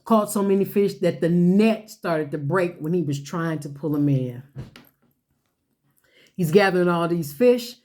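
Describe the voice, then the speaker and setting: A woman's voice: on the low side, unhurried, a little mellow. A woman giving a motivational sermon-style talk, building on repeated rhetorical questions and folksy phrasing. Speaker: speaker.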